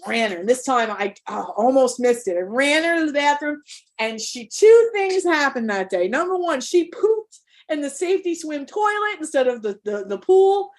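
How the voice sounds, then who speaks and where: A middle-aged woman, a parent coach hosting an online workshop, speaks at a moderate pace in a high voice with big pitch swings. She tells a candid, emotional personal story, restarting often. She's heard through a video call microphone.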